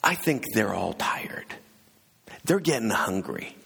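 A man doing an impatient disciple who has run out of patience. He sounds gravelly and husky as he speaks bluntly, and a long hall reverb trails every phrase. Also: on the low side, very animated, slow, pushed and bright, heavily acted. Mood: exasperated. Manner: blunt and fed-up. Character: impatient, exasperated male disciple.

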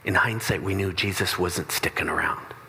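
A man preaching a sermon in a relaxed, conversational way, telling stories with blunt asides. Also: low-pitched, moderate pace, slight background noise. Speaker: pastor. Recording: long hall reverb.

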